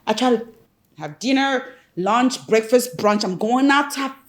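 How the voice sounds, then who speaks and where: A woman's voice: fairly high pitch, expressive, a little slow. An actress with a Nigerian accent playing a spoiled, suspicious young woman who complains and protests. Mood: indignant. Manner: complaining, indignant. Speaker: actor playing a young woman, the brother's sister.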